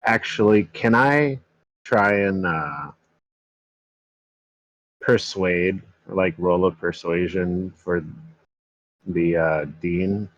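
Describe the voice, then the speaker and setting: A man's voice: sits low, drawn-out words, long pauses, dry recording, poor audio. A man playing a tabletop game, hesitant and full of fillers as he asks to act. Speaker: player. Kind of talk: casual tabletop play.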